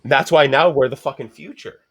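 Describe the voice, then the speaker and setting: A man's voice: medium pitch, brisk. A man co-hosting a podcast, riffing crudely and rambling, often acting out quoted people. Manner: profane, rambling, acts out quoted voices. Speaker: podcast co-host. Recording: dry close-mic sound.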